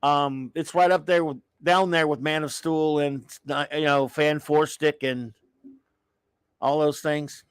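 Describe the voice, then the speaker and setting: Man, middle-aged, exasperated rambling rant, slightly high voice, dry close sound. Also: steady tone, unhurried, smooth, no room sound. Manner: exasperated, rambling, with sighs and restarts. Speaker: show host. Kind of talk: casual live-stream rant.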